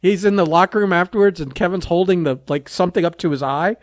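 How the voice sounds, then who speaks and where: Podcast guy ranting, swears a lot, highish bouncy voice, dry close sound. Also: fast talker, no room sound. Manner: blunt, profane ranting with frequent laughter. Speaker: podcast co-host. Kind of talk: casual podcast chat.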